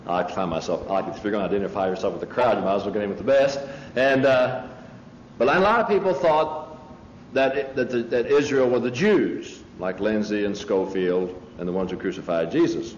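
A man's voice: fairly low pitch, brisk, reverberant. A man lecturing in a conversational sermon style, telling anecdotes emphatically with many restarts and asides to his listeners. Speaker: preacher lecturing on a religious movement. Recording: dull lo-fi tape with faint hiss.

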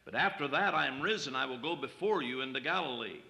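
Male preacher with a very bright voice, reading scripture and explaining it, with long hall reverb. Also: mid-range voice, animated, fast, vocal fry. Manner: reads King James scripture aloud, then explains it plainly.

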